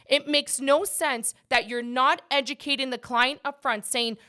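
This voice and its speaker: A passionate woman hosting a podcast and explaining mortgages. Her voice sits a little high and sounds bright and forceful. She talks with emphatic conviction and addresses her audience directly. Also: fairly even intonation, unhurried. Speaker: podcast host and mortgage agent. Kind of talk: casual podcast chat.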